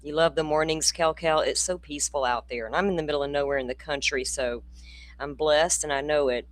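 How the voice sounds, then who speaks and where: Chatting on a casual livestream, this true crime host is an older woman from Florida with a low-pitched voice. She laughs, swears, and speaks to her viewers by name, with no room sound on the audio.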